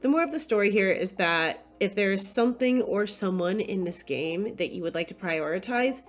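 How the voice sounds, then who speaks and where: A woman giving gameplay commentary, excitable and swearing freely, breaking into frustrated yells, then calmly explaining in a recap. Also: mid-range voice. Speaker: gaming YouTuber.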